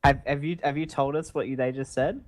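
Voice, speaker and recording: A man playing a tabletop game, talking his character smoothly out of trouble. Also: mid-range voice, fairly even intonation, fairly quick. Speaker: player. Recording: faint background noise.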